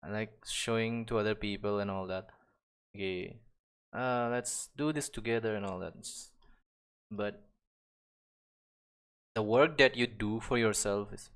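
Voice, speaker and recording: With a fairly low, slightly bright, smooth voice, a young man chats away while drawing on a live stream. His casual talk wanders, packed with restarts, fillers, and frequent chuckles.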